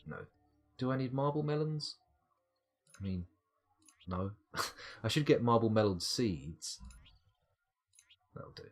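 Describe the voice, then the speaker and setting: A man's voice: mid-range voice, animated, slow pace, long pauses. A middle-aged man giving chatty, playful live commentary on his game, talking to the creatures and to himself. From United Kingdom. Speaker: gaming streamer.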